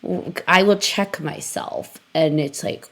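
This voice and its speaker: Reflective woman host with a very low voice. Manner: reflective, heavy use of "like", quick interjections. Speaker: podcast host. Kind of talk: casual podcast conversation.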